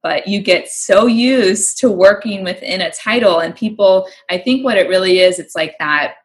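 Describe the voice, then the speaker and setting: A woman's voice: mid-range voice, normal speed. A young woman co-hosting a podcast in casual chat, talking candidly and swearing freely. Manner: candid, swears freely, acts out her own excited thoughts. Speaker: podcast co-host.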